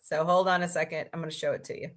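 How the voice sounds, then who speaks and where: A woman's voice: deep voice, little pitch movement, very fast. A woman hosting a casual livestream, chatting in a rambling way, sniffly, and greeting viewers by name. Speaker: livestream host.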